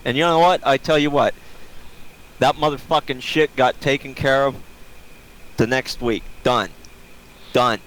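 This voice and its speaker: A man's voice: medium pitch, steady tone, measured pace, pauses often, fairly bright tone, low-quality recording. A man from Ohio co-hosting a podcast, ranting bluntly and profanely in casual chat over a video call. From Ohio, United States. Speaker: podcast co-host.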